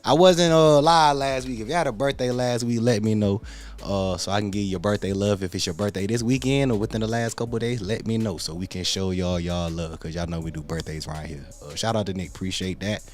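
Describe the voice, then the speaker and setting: A man's voice: fairly low pitch, brisk. A man hosting a casual livestream, greeting viewers by name in laid-back slangy talk. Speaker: livestream host.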